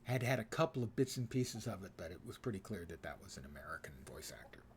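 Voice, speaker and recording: A man's voice: low voice, lively intonation, quick pace, slight background noise. A man streaming a game live, adding sarcastic, jokey asides. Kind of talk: live game playthrough commentary.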